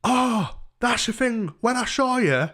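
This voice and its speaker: A man's voice: extremely high pitch, animated, slow, fairly bright tone, pitched above the performer's own voice, exaggerated voice. A man imitating his tipsy, gushing middle-aged mother.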